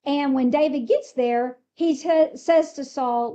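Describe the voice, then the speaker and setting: A woman's voice: high voice, takes it slowly, mellow. A woman casually retelling a Bible story, explaining it in a conversational way with fillers. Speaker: Bible teacher. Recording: slightly muffled recording.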